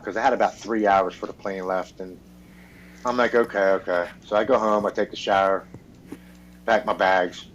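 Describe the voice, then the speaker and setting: A man's voice: lowish voice, fairly even intonation, moderate pace, dull audio, slight background noise. A man on a podcast candidly telling his personal recovery story, acting out the people he quotes and swearing freely. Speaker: podcast guest.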